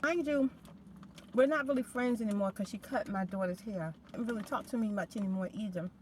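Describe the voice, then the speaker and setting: A middle-aged woman hosting an ASMR storytime chats casually and rambles conversationally in a mid-range, slightly mellow voice, speaking a little fast. There's a little hiss or hum in the audio.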